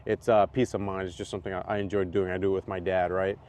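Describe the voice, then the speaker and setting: A man's voice: low voice, fast. A man co-hosting a casual podcast chat, telling stories animatedly and acting out what others said, often laughing. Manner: animated storyteller, acts out quotes, laughs often. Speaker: podcast co-host, driver. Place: outdoors at a race track. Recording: faint outdoor noise at trackside.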